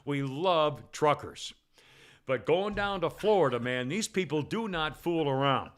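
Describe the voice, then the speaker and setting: A man hosting a casual podcast, his voice sitting a little high for a man. He rambles through a long story full of restarts and stumbles, and he grows louder and more heated as the tale builds. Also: lively intonation, a little slow. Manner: rambling storyteller with many restarts, gets loud when worked up. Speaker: podcast host. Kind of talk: casual chat.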